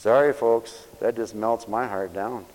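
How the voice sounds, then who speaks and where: A man preaching a sermon with emotion, swinging between hushed asides and loud exclamations. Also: on the low side, fairly even intonation, unhurried, in a large hall, poor audio.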